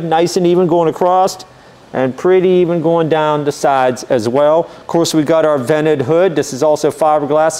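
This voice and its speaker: A man's voice: on the high side, a little mellow, smooth. Easygoing man giving a car walkaround. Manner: easygoing, methodical, many "um" and "uh" fillers. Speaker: car dealer walkaround presenter. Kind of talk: casual vehicle walkaround narration.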